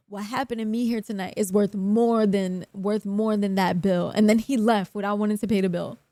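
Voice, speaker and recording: Here a young woman recounts a story on a live stream, voicing other people's lines in a casual, animated, profane style. The recording is dry and studio quality, and her voice runs on the high side.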